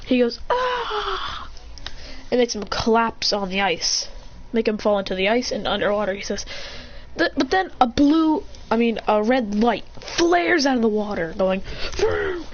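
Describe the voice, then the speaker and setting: A woman's voice: a little high, normal speed, slight background noise. A woman telling an improvised story in a rambling way, full of restarts and sound effects, on a dull lo-fi recording.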